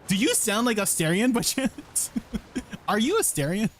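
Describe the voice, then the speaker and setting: Very animated and high-pitched, a young streamer stretches out his words and leaves long pauses as he chats and giggles with viewers between questions while gaming. The recording carries faint background noise.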